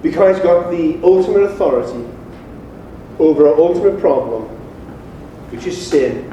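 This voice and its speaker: A high-voiced male pastor gives a loose, lively sermon. He sounds far from the mic, his voice bouncing around a big, very echoey hall with a faint background hiss. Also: moderate pace. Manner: animated and informal, acts out quoted voices. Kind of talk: casual conversational sermon.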